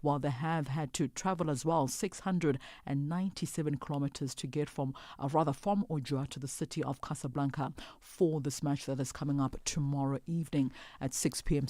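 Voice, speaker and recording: A man reading a scripted sports bulletin in a brisk, formal manner. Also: on the high side, warm tone, dry recording. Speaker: sports news reader.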